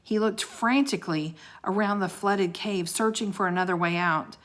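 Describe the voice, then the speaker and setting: A woman's voice: medium pitch, normal speed. A woman reading a children's book aloud, with chatty asides to her listeners. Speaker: storybook reader.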